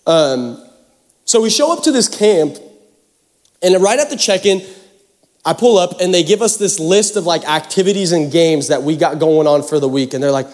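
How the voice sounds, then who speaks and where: Young male pastor, high voice, playful self-mocking storyteller, reverberant church hall. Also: normal speed, darkish tone. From Pacific Northwest. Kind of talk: storytelling sermon.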